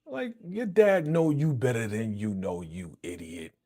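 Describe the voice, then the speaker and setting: A man's voice: mid-range voice, expressive, measured pace, dark tone. A man hosting a reaction video, chatting casually and slangily to viewers, chuckling and repeating himself as he breaks down an episode. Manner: frequent chuckles and repeated phrases. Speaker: reaction channel host.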